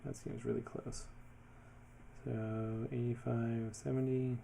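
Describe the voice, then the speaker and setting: A man talking casually through his design work as he goes, thinking aloud in a relaxed way with many fillers. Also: mid-range voice, slow pace, creaky, a little hiss or hum. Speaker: web developer building his portfolio. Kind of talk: casual screen-share commentary.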